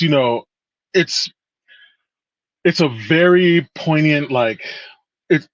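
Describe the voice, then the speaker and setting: A man's voice: mid-range voice, no room sound, dull audio. Casual rambling podcast co-host, man. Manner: rambling, hesitant, swears casually. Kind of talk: casual chat.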